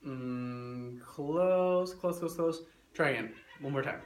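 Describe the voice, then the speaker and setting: Young male teacher, mid-pitched, energetic and coaxing, echoey room. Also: slow pace. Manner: energetic, coaxing, repeats instructions. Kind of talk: classroom lesson. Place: classroom. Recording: echoey classroom with faint noise.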